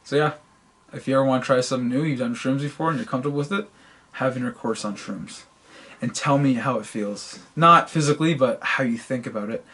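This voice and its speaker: Guy on a podcast rambling thru a story, keeps repeating words, average pitch. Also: fairly quick, fairly bright tone, slightly rough. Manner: stammers and repeats words while telling stories. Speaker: podcast co-host. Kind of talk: casual storytelling chat.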